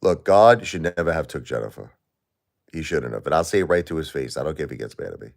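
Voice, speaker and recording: A middle-aged man live-streaming while grieving, talking to his chat in halting, repetitive, emotional bursts. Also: extremely low pitch, expressive, creaky.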